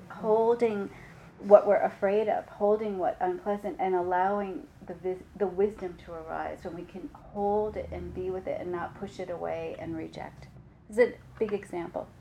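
A woman giving a dharma talk as a meditation teacher, reflective and unhurried, with frequent pauses and fillers. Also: medium pitch, darkish tone.

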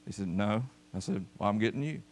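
A man's voice: fairly low pitch, fairly quick. A man preaching a folksy storytelling sermon to his church, calling out to the congregation. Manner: folksy, animated, calls out to the congregation. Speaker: pastor. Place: church service.

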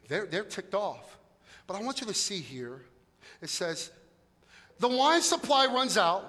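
A middle-aged man preaches with humor and loose, conversational energy, breaking into shouts for emphasis. His voice is very high and bright. A long echo of a large church hall trails each phrase. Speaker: pastor. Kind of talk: sermon.

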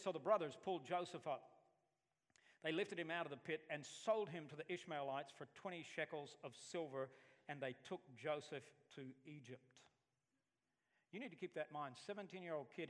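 A man's voice: fairly high pitch, big-room sound. A man from Alabama, preaching a sermon and telling stories with acted-out voices. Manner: animated storytelling, acts out voices. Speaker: pastor.

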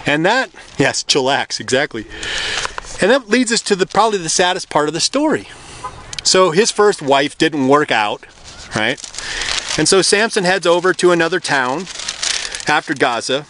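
A man preaching a conversational sermon, telling the story in an animated way. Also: a little high, normal speed, pauses often, a little hiss or hum. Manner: animated, conversational, acts out the characters.

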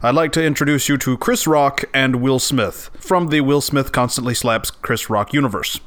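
A man's voice: mid-range voice, normal speed, fairly bright tone. A man hosting a comedy sketch podcast, sarcastic and exasperated. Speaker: host.

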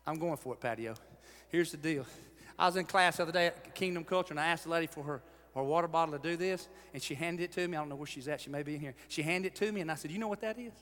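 A pastor preaching a sermon, animated, swinging between shouted lines and hushed ones. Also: male voice, on the high side, racing. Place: large church hall. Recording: long hall reverb.

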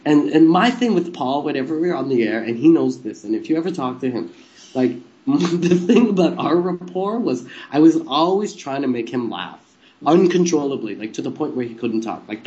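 A man's voice: fairly high pitch, a little mellow. A man, a former live TV presenter, casually telling an anecdote in a rambling way, laughing often and swearing freely. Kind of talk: casual storytelling chat.

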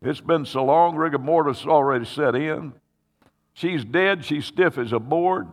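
A man's voice: a little high, a little slow. A man preaching a sermon, telling a scripture story dramatically and acting out its voices. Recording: hall reverb.

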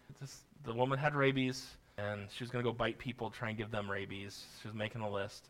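A man's voice: medium pitch, fast talker, fairly bright tone. A man preaching a sermon, quoting scripture and pressing his points with rising emphasis, with a folksy, self-deprecating aside. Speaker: pastor.

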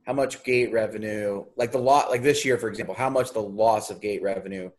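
A man's voice: fairly low pitch, steady tone, brisk, a little mellow. Thoughtful sports talk co-host man. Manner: thoughtful, explanatory, hedging.

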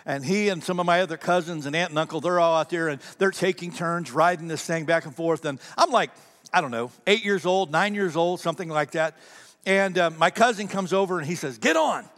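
A man preaching, telling a personal story in an animated way, often repeating words and speaking straight to his audience. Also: on the high side, fairly quick. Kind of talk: sermon storytelling. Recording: reverberant hall.

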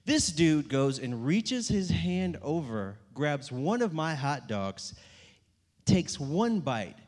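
Man, young adult, storyteller, animated, self-mocking, acts out quotes, slightly high voice, echoing hall. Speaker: church speaker. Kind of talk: storytelling talk to a live audience. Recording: long hall reverb.

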